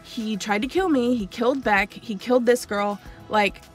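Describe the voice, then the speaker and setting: A woman's voice: fairly high pitch, normal speed, faint music behind, lightly acted. A woman quoting an urgent young woman who accuses a man of murder. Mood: accusing. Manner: urgent, insistent.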